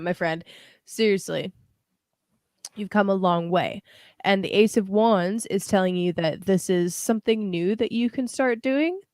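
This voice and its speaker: A woman's voice: lowish voice, no room sound, studio quality. A young woman hosting a casual livestream tarot reading, chatty and encouraging, with frequent fillers and the odd curse word. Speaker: tarot reader and livestream host.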